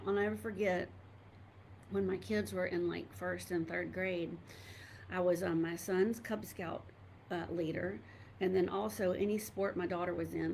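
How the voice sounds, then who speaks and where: A woman's voice: lowish voice, creaky, a little mellow, slight background noise. A middle-aged woman, a doctor and coach, talking casually to viewers from home on a laptop microphone, candid and rambling with many fillers and restarts. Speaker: doctor and coach speaking to an online group. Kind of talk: casual live talk to viewers.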